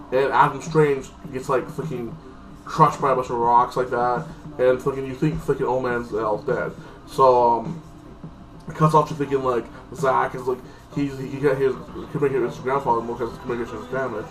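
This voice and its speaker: Recorded from a distance on low-quality audio, this mid-range male voice belongs to someone reviewing a TV episode. His recap rambles casually, packed with "like this" and "like that," and he swears without much thought.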